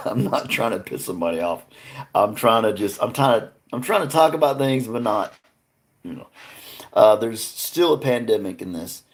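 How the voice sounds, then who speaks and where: A man's voice: medium pitch, creaky. A man hosting a live stream, rambling earnestly to his chat with frequent restarts. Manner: rambling, halting, many restarts; earnest, talks to chat viewers by name.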